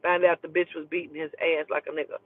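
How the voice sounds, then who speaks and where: A woman's voice: deep voice, fast talker. A woman telling a personal story in casual, profane speech, acting out the people in it as she goes. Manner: profane, animated, acts out the people in her story. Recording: tinny phone-like sound, dry.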